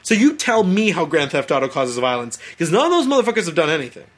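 A young man hosting a casual comedic chat, animated and profane, slipping into mocking voices as he talks. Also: a little high, fast talker. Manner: animated, swears freely, mimics people in voices.

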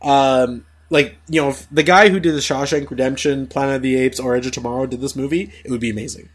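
A man hosting a casual chat about movies, swearing freely and giving animated opinions. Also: mid-range voice, fast, a little hiss or hum. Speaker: podcast host.

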